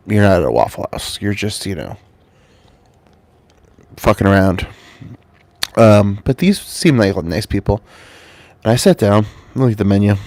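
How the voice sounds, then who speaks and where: A man with a fairly low voice tells a meandering, swear-filled story straight to camera from his home. He is getting over a cold, and his voice sounds dry and close, with no room echo. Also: a little mellow. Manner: rambling, profane, offhand. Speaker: vlogger.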